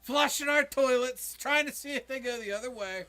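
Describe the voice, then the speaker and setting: A man's voice: extremely high pitch, normal speed, sharp tone. A man playing a game on a casual stream, joking around and laughing often. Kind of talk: casual gaming stream chat.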